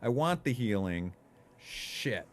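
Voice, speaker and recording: A young adult man giving animated, profane gaming commentary, laughing often and chatting to his viewers. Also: mid-range voice, slow. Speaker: streamer.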